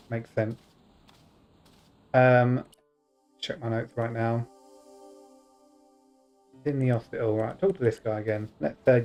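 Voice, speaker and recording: Slow, joking game streamer, dull sound. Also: mid-range voice. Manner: laughing, joking, talks back to characters. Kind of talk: casual gaming commentary.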